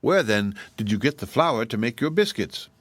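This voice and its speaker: A man's voice: medium pitch, very animated, moderate pace, no room sound. A man voicing a polite, wary scarecrow man in an audiobook. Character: earnest straw-stuffed scarecrow man.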